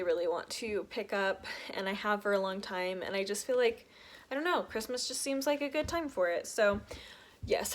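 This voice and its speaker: A young woman talking casually to camera as a book vlogger, chatty and enthusiastic. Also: medium pitch.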